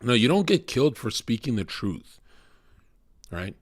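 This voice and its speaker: A man talking to his stream in a casual, animated and profane monologue, swinging between loud rants and quiet asides. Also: mid-range voice, a little slow, no echo.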